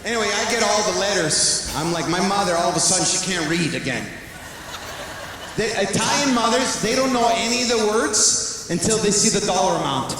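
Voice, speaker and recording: A man tells a stand-up story from an arena stage, acting out every voice in the conversation with lively energy. His voice sits a little higher than most men's. It rings out with a long, roomy reverb over a faint hum of the hall. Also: brisk. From Canada. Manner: animated, acts out both sides of conversations. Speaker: stand-up comedian.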